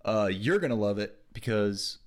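Laid-back low-voiced young man. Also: expressive, moderate pace. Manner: laid-back, swears a lot, laughs often. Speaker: podcast co-host. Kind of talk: casual chat.

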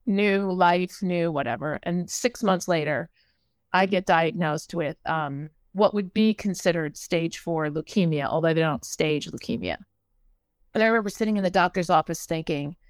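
An older American woman with a fairly low voice tells her own story, stopping and restarting often and acting out what people said. The sound is dry and close, with almost no room echo. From United States. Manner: halting, with many restarts and acted-out quotes. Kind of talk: personal storytelling.

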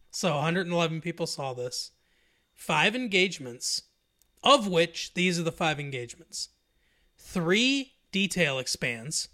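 A man's voice: fairly high pitch, sharp tone. A man hosting a podcast, chatting casually, rambling and joking with frequent laughter and swearing. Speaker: podcast host.

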